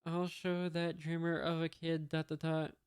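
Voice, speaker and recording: Menacing pirate boss read by a comic reader, flat delivery, slow. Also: medium pitch, clear, resonant tone, no echo, natural voice. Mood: stern. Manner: read flatly, barely acted.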